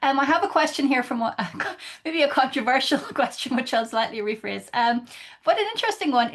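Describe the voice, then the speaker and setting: Irish woman, panel chair, chatty and restarting, laughs as she reads questions. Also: fairly high pitch. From Ireland. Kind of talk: moderating a panel discussion.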